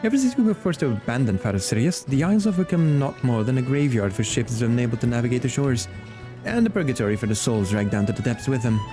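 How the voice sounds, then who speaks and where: A man's voice: medium pitch, sing-song, quick pace, warm tone, faint music behind, lightly acted. A man voicing a grim, bitter local man with a raised, solemn and dramatic delivery. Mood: ominous.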